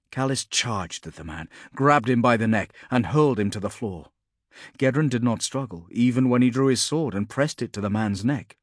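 A man with a mid-range voice narrates a fantasy audiobook, keeping his storytelling steady and measured. The recording is dry and of studio quality.

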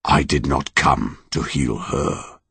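A man voicing a huge ancient tree monster that speaks calmly and gravely, in a measured, unhurried way. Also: sits low, no room sound, full character voice. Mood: solemn. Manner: slow, measured, grave delivery.

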